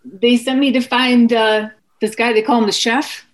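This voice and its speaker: A woman's voice: on the high side, flat delivery, moderate pace, natural voice, rough recording. A woman improvising a jittery, stammering woman caught sneaking into a pizzeria. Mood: nervous, stammering. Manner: nervous, stammering. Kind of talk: improv scene.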